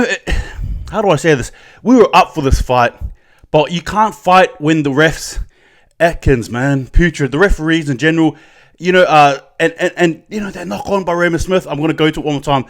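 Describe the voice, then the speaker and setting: A man ranting as a fan-channel host, mid-pitched and impassioned. His review swings between fired-up anger and softer pride, with a fast, emotional delivery.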